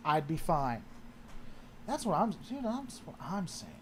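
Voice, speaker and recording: A man's voice: on the high side, wildly swooping pitch, unhurried, slight background noise. A man hosting a casual livestream, answering chat and often trailing off and restarting his sentences.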